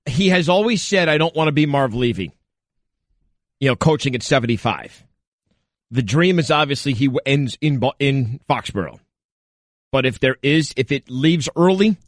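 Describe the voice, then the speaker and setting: A man's voice: medium pitch, expressive, moderate pace, no room sound. A man co-hosting a sports talk radio show in a studio, easygoing and teasing. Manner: easygoing, teasing, laughs along. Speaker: radio co-host. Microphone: close studio mic.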